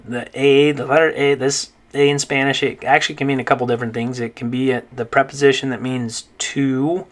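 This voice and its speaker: A man teaching a casual spoken lesson, relaxed and chatty, often checking in with the listener. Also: medium pitch. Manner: relaxed, many fillers and check-ins like "okay?" and "right?". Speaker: Spanish teacher.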